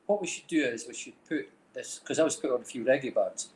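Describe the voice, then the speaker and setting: A man's voice: medium pitch, quick pace, slight background noise. A middle-aged Scottish man with a Dundee accent, rambling through stories as an interview guest, full of "like, you know". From Scotland. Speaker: guest, film director and music manager. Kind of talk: casual chat. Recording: roomy echo.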